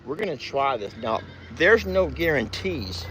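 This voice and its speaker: A man's voice: medium pitch, very animated, unhurried, hardly any pauses, slight background noise, poor audio. A man chatting folksily as host of a farm livestream, outdoors. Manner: folksy, chatty, calls loudly to his deaf dog. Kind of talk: casual livestream chat.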